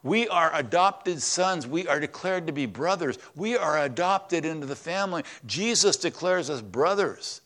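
A man preaching a conversational sermon in a church, swinging between loud, stressed words and quiet asides. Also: on the high side, expressive, normal speed, few pauses. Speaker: pastor.

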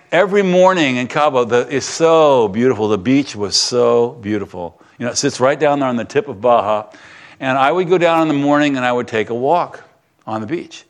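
Conversational man preaching a sermon. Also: medium pitch. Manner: conversational, drops to soft hushed tones for emotional moments. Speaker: pastor. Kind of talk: sermon with personal storytelling.

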